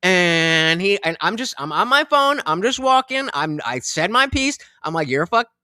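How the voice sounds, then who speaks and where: Male streamer host, casual rant, lively pitch, bright voice, profane storyteller, dry close mic. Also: moderate pace, clear, resonant tone, no room sound. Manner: animated, profane, acts out both sides of an argument, many restarts.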